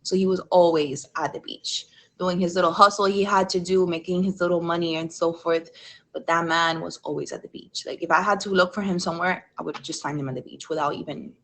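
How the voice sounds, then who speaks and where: A woman's voice: fairly low pitch, fairly quick, low-quality recording. A young adult woman, a podcast guest, telling a rambling personal story in a casual way with lots of "like" and some cursing. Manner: rambling, animated, with frequent "like" and cursing.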